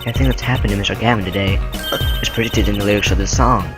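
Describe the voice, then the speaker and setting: A man's voice: fairly low pitch, fairly even intonation, very fast, natural voice. Man playing a smug rock-star prosecutor. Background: game music.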